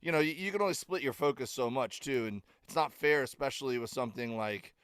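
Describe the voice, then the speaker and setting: A man's voice: mid-range voice, fast, smooth, no room sound. A middle-aged man, a comedian guest, telling stories in casual podcast chat, full of fillers and acted-out quotes. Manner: animated storyteller, filler-heavy, acts out quotes.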